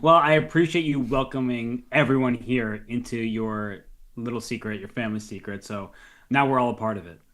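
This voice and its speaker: A man co-commentating on chess in casual live talk, upbeat and quick to laugh. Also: medium pitch, a bit bright.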